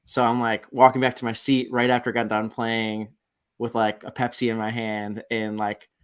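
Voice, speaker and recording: This podcast guest, a man in his twenties and a big sports fan, keeps the interview loose and laid-back, saying "like" constantly. He speaks in a smooth, mid-range voice with a level tone and moderate pace.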